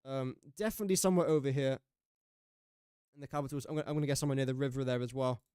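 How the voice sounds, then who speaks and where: A man's voice: medium pitch, very fast, mellow, clear, resonant tone, no room sound, studio quality. A young man streaming a game, chatting casually and joking about his own guesses as he thinks aloud. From England. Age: young adult. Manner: chatty, jokey and self-mocking, thinking aloud. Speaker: gaming streamer. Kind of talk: casual live-stream commentary.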